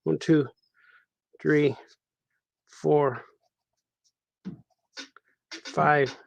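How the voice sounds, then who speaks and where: A man's voice: a little high, steady tone, very slow, vocal fry, no room sound, rough recording. A man, a cartoonist, chatting casually on a live stream while he draws, repeating himself as he works.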